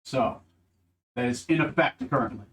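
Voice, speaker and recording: A man's voice: mid-range voice, normal speed, fairly bright tone, a little hiss or hum. A man running a tabletop game as game master, narrating in a laid-back, jokey way.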